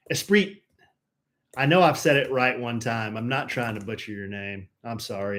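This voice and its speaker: Give me a jokey male stream host with a middle-pitched voice who rambles while greeting viewers. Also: moderate pace, a bit bright. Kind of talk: casual chat greeting viewers.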